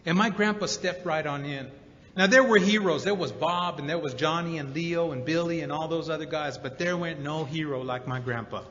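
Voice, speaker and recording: A man tells his recovery story to a convention with emotional emphasis, in a bright, fairly high voice. His voice carries long reverb from a large hall. The sound is dull, with faint ambience behind it. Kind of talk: personal testimony talk.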